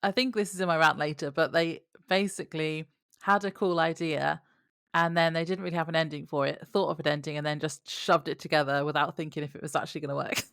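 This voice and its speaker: A woman co-host with a somewhat low voice, chatting casually. She offers wry asides and is quick to laugh. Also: steady tone, gravelly, fairly bright tone, smooth. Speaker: podcast co-host. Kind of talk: casual episode recap chat.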